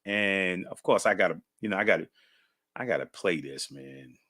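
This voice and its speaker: Podcast host, male, lower-pitched, bright and punchy tone, relaxed chatty storyteller. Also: normal speed, no room sound, clean studio sound. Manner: chatty, laughing, folksy storyteller. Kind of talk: casual podcast monologue.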